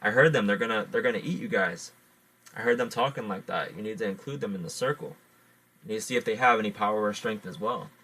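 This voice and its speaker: A man voicing a scheming, boastful male brown bat in a told story, halting and repeating his words. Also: on the low side, bright, forceful tone, low-quality recording. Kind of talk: oral storytelling.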